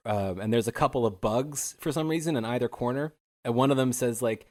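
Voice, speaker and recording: A young man with a middle-pitched voice tells a story on a podcast. He keeps it loose and wry, filling pauses with "uh" and "like" and chuckling at the absurd parts. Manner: casual and wry, with many fillers and chuckles. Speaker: podcast host narrating history. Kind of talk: casual chat.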